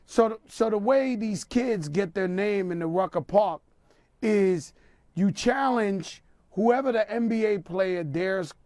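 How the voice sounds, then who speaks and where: A man with a high voice tells loose, streetwise stories as a talk show guest, stringing them together with lots of fillers. His voice comes through dry and close, with no room sound. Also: unhurried, darkish tone, dry recording. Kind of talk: storytelling interview.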